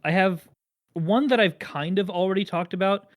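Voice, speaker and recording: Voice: medium pitch, normal speed. A podcast host chatting casually, rambling through explanations with dry jokes.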